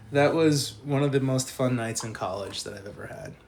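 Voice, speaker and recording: A young man telling a long college story to a live stream chat, animated and profane, laughing as he goes. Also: medium pitch, unhurried, gravelly, slight background noise.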